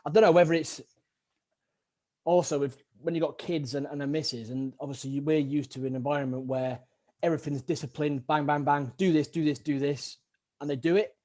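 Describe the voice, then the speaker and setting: A man's voice: on the high side, steady tone, a little fast, darkish tone. A man, an army veteran chatting casually as host, joking and acting out little scenes. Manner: chatty, swears and jokes, acts out scenes. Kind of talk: casual chat.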